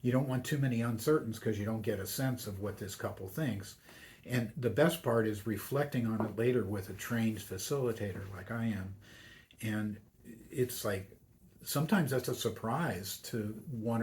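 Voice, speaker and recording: A man's voice: lowish voice, normal speed, a little mellow, slight background noise. An older man, a university chaplain and priest, speaking as a guest in a radio interview, telling stories in a reflective way and acting out the voices of the people he quotes.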